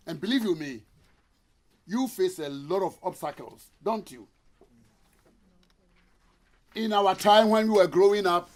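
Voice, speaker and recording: A man's voice: high-pitched, a little mellow. A man giving a motivational seminar talk, telling stories and asking the audience rhetorical questions. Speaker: motivational speaker.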